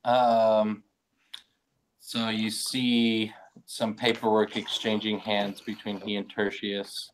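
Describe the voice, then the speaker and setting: Slow, hesitant man playing. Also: lowish voice, monotone, slight background noise. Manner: hesitant, with many fillers. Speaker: player. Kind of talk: describing his character's epilogue.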